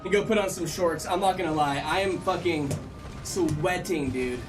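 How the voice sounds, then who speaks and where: A man's voice: on the high side, normal speed, music in the background, low-quality recording. A male game streamer chatting casually and joking with his live chat. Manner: joking, playful banter with chat.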